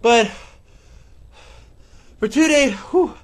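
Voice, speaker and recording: A man vlogging outdoors in a snowstorm, excitable and rambling, out of breath, talking into a handheld camera mic. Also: very high voice, a little slow.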